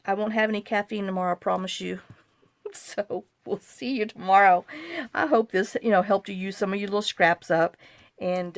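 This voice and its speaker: A woman with a gravelly, mid-range voice, recorded without echo, shows off a craft journaling project in a casual tutorial vlog at her home craft desk. Overcaffeinated and wired, she rambles and keeps apologizing.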